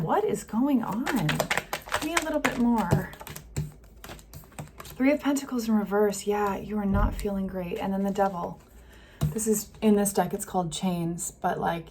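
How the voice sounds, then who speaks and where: A woman giving a casual tarot reading, talking gently and thinking aloud with many fillers. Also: medium pitch. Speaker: tarot reader. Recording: faint street noise behind.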